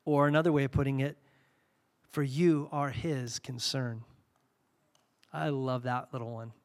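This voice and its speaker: A man in his forties preaching a sermon, conversational and personal, swinging between soft intimate passages and loud fervent peaks. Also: medium pitch, fairly even intonation, a little slow. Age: 40s. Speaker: pastor.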